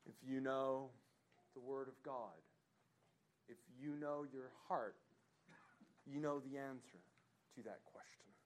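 A male pastor preaching a sermon, slow and dramatic, swinging between loud emphasis and hushed, low passages. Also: slight background noise.

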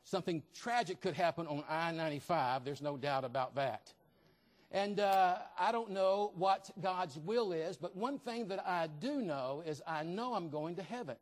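A man with a noticeably high voice delivers a fervent sermon as a visiting preacher. He builds his points by repeating key phrases and lands them with conviction. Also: moderate pace.

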